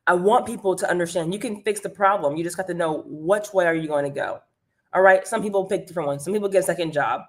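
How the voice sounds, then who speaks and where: A woman hosting a live stream, giving an energetic motivational pep talk about earning extra income and greeting viewers in the chat by name. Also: lowish voice, fast. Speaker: livestream host and business coach. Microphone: streaming mic.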